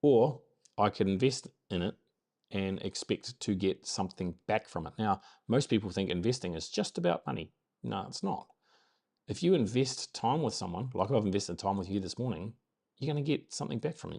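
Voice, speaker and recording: Upbeat New Zealand man, lower voice. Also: lively intonation, a little fast, creaky, a little mellow, slightly rough. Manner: upbeat, rambling, repeats key phrases for emphasis. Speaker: host of a daily live stream. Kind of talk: casual motivational live-stream chat.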